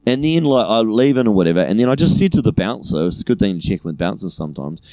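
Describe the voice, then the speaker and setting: This is a fast-talking man with a New Zealand accent, telling a story at a quick clip. He is a comedian on a chatty podcast. His low voice swings widely as he acts out what people said, and the sound is close and dry. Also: no room sound. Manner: profane, animated storytelling with acted-out quotes. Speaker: comedian guest.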